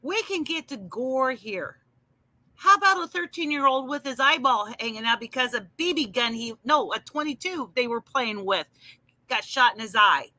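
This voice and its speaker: A woman's voice: high-pitched, animated, normal speed, sharp tone, dry recording. A woman talking casually on a livestream, answering viewers in her chat by name with emphatic, heated remarks.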